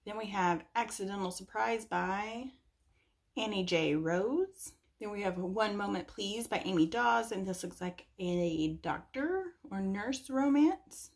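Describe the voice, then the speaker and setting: A woman's voice: medium pitch, animated, measured pace. A young woman chatting casually about books she recommends, rambling a little with lots of fillers. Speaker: book reviewer. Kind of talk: casual chat.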